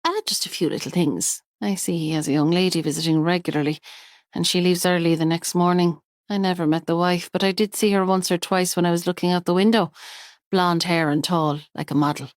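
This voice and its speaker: A woman's voice: on the low side, fairly even intonation, fairly quick, no echo, clean studio sound, lightly acted. A woman reading the part of a nosy male neighbour, gossiping and confiding with a straight face. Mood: gossipy.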